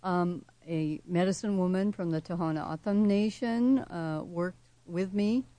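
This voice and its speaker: A woman poet reading her own poem and then talking about it as an interview guest, soft-spoken with slow, measured emphasis. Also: fairly low pitch, no echo. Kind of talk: poetry reading and interview answers.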